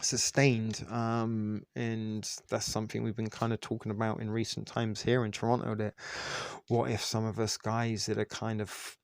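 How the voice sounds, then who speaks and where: A man hosting a casual live stream, talking in a loose, rambling way full of ums and restarts. His voice sits low with a gravelly edge, and the sound is dry and close to the mic. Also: completely flat delivery, normal speed, dry recording. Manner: rambling, many fillers and restarts. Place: Toronto.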